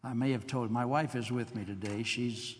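A man's voice: mid-range voice, steady tone, normal speed, a little hiss or hum. Older man preaching in a reverberant hall. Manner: conversational, musing, with asides and soft laughs. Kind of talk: sermon.

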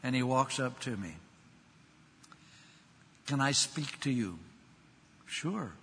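An older man preaching a sermon, emphatic, rising loud and dropping soft. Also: medium pitch, animated, slow pace, a little hiss or hum. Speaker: pastor. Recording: long hall reverb.

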